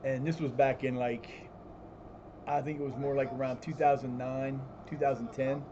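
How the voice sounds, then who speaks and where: A man's voice: medium pitch, little pitch movement, normal speed, muffled recording, background noise. A man casually telling rambling stories during a live stream at home, restarting his sentences and swearing freely. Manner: baby talk to his cat. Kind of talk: casual storytelling while gaming.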